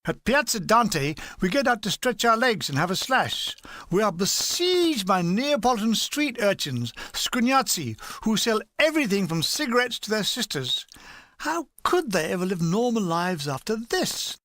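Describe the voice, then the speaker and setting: A woman's voice: mid-range voice, very animated, normal speed, a bit bright, dry recording. An older woman reading a comic war memoir aloud, with dry comic timing. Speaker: reader.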